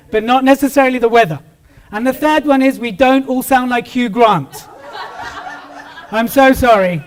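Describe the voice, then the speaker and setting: Upbeat British man with a high voice. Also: slight background noise. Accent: British English. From Britain. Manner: lively, joking with the crowd. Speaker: keynote speaker. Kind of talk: motivational stage talk. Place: stage before a live audience.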